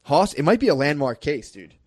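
A man's voice: on the high side, sing-song, a little fast, darkish tone, dry recording, clean studio sound. A young man in casual chat, telling a story with lots of swearing and acted-out quotes, laughing often.

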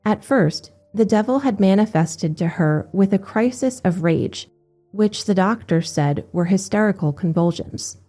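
A woman giving a steady, measured scripted narration of religious accounts. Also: medium pitch, soft background music.

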